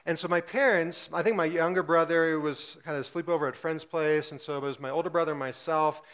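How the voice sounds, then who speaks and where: A man in his forties delivers a relaxed sermon from the pulpit. His voice sits fairly high for a man. He talks in a chatty, joking way and drops in plenty of "um"s as he goes. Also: fairly quick, clear, resonant tone. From Singapore. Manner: chatty and humorous, with frequent fillers. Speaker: pastor. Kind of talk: casual sermon.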